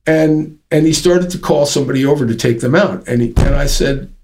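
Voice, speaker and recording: A man's voice: on the high side, steady tone, brisk, hardly any pauses, a little mellow. A man telling a long story as an interview guest, rambling with many fillers and restarts. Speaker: interview guest, drum company founder. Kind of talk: casual storytelling.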